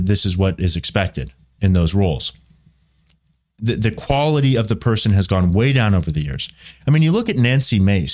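Man, political show host, lowish voice, blunt, opinionated, digressive asides. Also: a little mellow. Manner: drifts into side remarks mid-thought. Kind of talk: solo political commentary.

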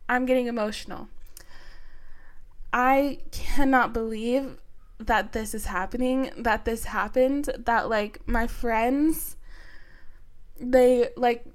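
A young woman hosting a podcast, chatting casually with lots of fillers and excited, emotional gratitude. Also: fairly high pitch. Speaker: podcast host. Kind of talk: casual chat.

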